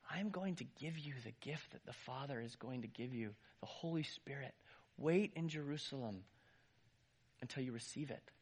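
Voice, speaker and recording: A gentle, solemn teacher speaking slowly and softly , as a preacher voices him. The tone is husky and quiet. It is set within a church storytelling. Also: male voice, medium pitch, expressive.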